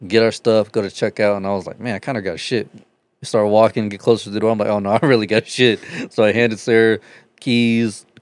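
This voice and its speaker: A man's voice: on the low side, little pitch movement, brisk, smooth, dry recording. A young man in casual podcast chat, telling profane, rambling stories and laughing through them.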